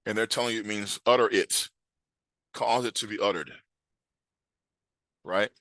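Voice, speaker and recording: A man teaching a scripture class, emphatic, quizzing his listeners and reading words aloud slowly. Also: fairly low pitch, fairly bright tone, no room sound.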